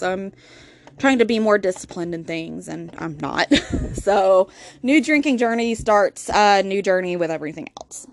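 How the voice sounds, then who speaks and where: A woman's voice: medium pitch, dry recording. A woman hosting a solo podcast, rambling and self-deprecating with lots of ums. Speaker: podcast host. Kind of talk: casual solo podcast chat.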